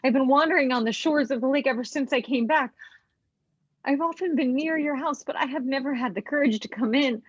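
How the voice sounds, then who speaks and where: A woman playing a fragile, yearning young actress in a live streamed stage reading, speaking in a wistful, halting way. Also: high voice, dry recording, natural voice. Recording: muffled dry home stream audio.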